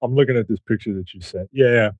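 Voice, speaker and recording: A man's voice: lowish voice, quick pace, no room sound, muffled recording. Joking man reading quotes on a podcast. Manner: joking, reads quotes aloud. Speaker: podcast co-host. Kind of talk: casual film podcast discussion.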